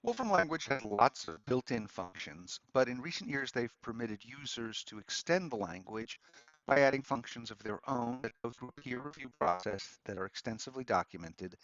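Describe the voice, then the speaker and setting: A man teaching a lesson while working at his computer, talking in a relaxed, chatty way full of ums and asides. His pitch rises and falls in a lively way. The recording is dry and somewhat dull, like a simple desk microphone. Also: moderate pace, dry recording. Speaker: law professor teaching a course. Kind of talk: screen-recorded lecture.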